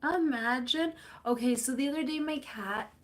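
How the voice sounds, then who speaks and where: A woman's voice: on the high side, unhurried. Chatty woman on a livestream. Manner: chatty, rambling, reads and answers viewer comments; animated storytelling with playful quoted voices. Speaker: livestream host. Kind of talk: casual live-stream chat.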